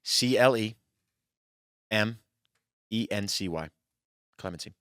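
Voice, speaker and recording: A man co-hosting a casual podcast, excitable and teasing, quick to laugh. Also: fairly low pitch, clean tone, no echo, clean studio sound. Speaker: podcast co-host.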